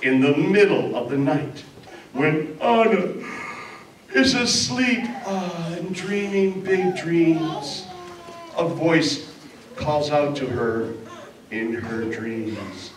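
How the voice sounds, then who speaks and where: A man's voice: a little high, extremely slow. A man telling a story in a playful, dramatic way, adding sound effects. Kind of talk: animated storytelling. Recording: roomy distant mic with background noise.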